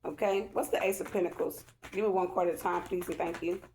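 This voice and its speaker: A woman's voice: lowish voice, steady tone, fast talker, a little mellow, slight background noise. A woman giving a casual spiritual tarot reading to her viewers, chatty and emphatic, repeating herself and constantly checking in with them. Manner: chatty and emphatic, keeps addressing viewers and asking "okay?"; repeats herself, loose colloquial phrasing. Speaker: tarot card reader.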